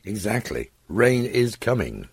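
A man voicing an earnest, worried older man in an audiobook story, speaking in a measured way. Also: on the low side, very animated, husky, dry recording, studio quality, pitched above the performer's own voice, full character voice.

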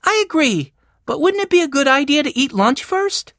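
A woman's voice: normal speed, no room sound, clean studio sound, heavily acted. Benny, a woman doing an eager little boy. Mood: excited. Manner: high, excited and chirpy. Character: young boy, eager and always hungry.

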